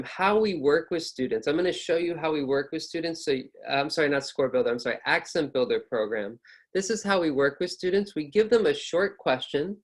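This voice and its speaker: A man teaching English intonation in an online lesson. He reads example sentences aloud with exaggerated rising and falling tones, then explains them casually. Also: on the high side.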